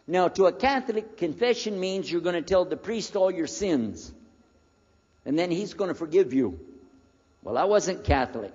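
This American preacher, in his sixties, has a high-pitched, slightly rough voice and a moderate pace. Lecturing, he tells a personal story and acts out its dialogue with animation; the audio is dull, lo-fi, and echoey from a reverberant hall.

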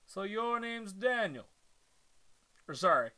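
A man's voice: high-pitched, sing-song, bright, forceful tone. A man reading a comic aloud for a reaction video, stopping often to comment and laugh. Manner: reads aloud haltingly, breaks off to react and laugh.

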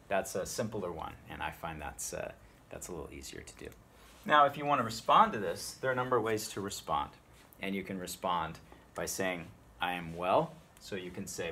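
A man teaching everyday spoken Latin phrases, explaining each one and repeating it slowly so learners can copy it. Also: lowish voice, expressive, creaky, fairly bright tone, slight background noise. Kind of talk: spoken language tutorial.

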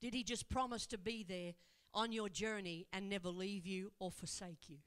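A woman evangelist preaching in a church, telling the story in an animated way and asking rhetorical questions. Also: mid-range voice, normal speed, clean tone. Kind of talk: sermon.

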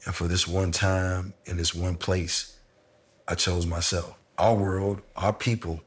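A middle-aged man in a candid conversation, telling a personal story slowly and reflectively with casual slang. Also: low-pitched, little pitch movement, husky. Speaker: interviewee sharing a personal story.

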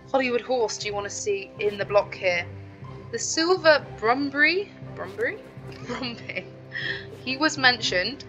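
A woman's voice: fairly high pitch, pushed and bright, low-quality recording. A woman hosting a gaming channel, chatting casually to her viewers as she plays. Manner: chatty, talks straight to viewers. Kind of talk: casual gameplay commentary.

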